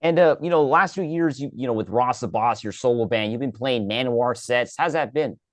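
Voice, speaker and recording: A man's voice: medium pitch, fairly quick, no echo. Man hosting a casual interview. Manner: friendly, short prompts, laughs along. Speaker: interview host.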